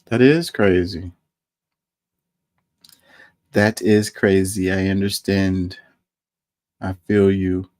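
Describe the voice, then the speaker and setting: Low-ish guy reacting to news, reading comments out loud, dry close sound. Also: dry recording. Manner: reads viewer comments aloud, animated rhetorical questions.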